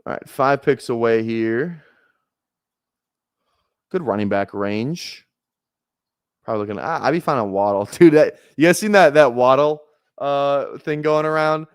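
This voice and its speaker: A man chats loosely on a live stream as he drafts, rambling with lots of fillers and the occasional swear. His voice sits in an ordinary middle pitch. The sound is dry and close to the mic. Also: lively intonation, unhurried, long pauses, clean tone, dry recording. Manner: laid-back rambling with frequent laughs and swearing. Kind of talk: casual live-stream chat.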